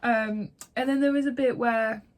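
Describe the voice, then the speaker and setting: A woman's voice: on the high side, fairly even intonation, normal speed. Chatty woman vlogger. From Yorkshire, England. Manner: chatty, heavy use of "like", openly emotional about the book. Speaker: book vlogger and author. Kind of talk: casual reading update.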